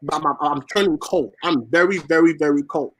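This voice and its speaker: As an interview guest, a spoken word poet raised in Washington State after being born in Haiti relates a personal story, sincere in tone and often repeating phrases for emphasis. His voice is on the high side and a bit bright, with a moderate pace. The recording is low quality.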